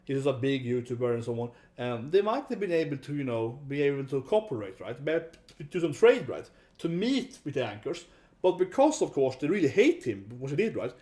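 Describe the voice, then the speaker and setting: A man's voice: mid-range voice, sing-song, brisk, warm tone. A man giving a casual, rambling commentary vlog, often tagging sentences with 'right?'. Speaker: YouTube commentator.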